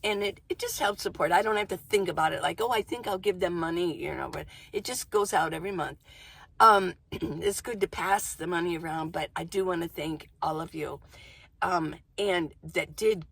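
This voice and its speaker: Chatty gravelly-voiced woman vlogger. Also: fairly low pitch, a bit bright, dry recording. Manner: chatty, goofy, talks fast and laughs often. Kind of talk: rambling casual chat to camera. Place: inside a minivan.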